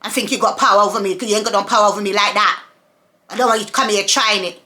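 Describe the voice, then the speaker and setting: A woman's voice: medium pitch, steady tone, racing, bright, forceful tone. A woman, a mother talking to her camera in an emphatic, repetitive rant full of rhetorical questions. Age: adult, mother of several children. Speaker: vlogger. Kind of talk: casual monologue to camera.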